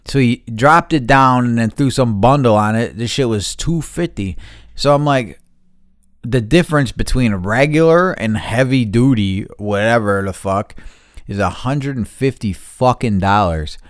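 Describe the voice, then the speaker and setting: A man's voice: mid-range voice, unhurried, no echo, clean studio sound. A man hosting a podcast, telling a long story in casual, rambling fashion and swearing constantly. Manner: rambling, heavy swearing, laughs mid-story. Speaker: podcast host.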